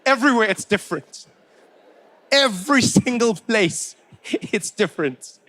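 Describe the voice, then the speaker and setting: Chatty South African comedian, high-voiced man. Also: lively intonation, measured pace, pushed and bright. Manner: chatty, lots of "you know". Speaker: stand-up comedian. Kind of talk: stand-up comedy storytelling.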